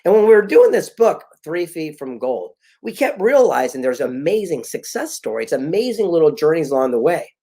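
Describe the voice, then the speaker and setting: Middle-aged male motivational speaker, husky, very animated delivery, storyteller. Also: on the high side, moderate pace, hardly any pauses. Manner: animated storyteller, acts out quoted dialogue. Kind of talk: motivational talk.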